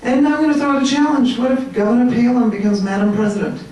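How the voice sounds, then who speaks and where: A woman giving an animated, chatty talk to a room of people, joking with her audience. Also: fairly high pitch, fast. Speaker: speaker at a political meetup. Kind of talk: lively speech to a crowd. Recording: echoey room, mic at a distance.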